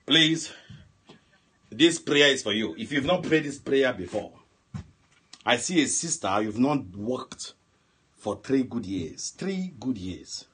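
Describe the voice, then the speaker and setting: A man preaching on a prayer line, swinging from soft murmurs to shouted commands and speaking in tongues. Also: mid-range voice, animated, slow, pauses often, husky. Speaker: pastor. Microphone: phone line broadcast.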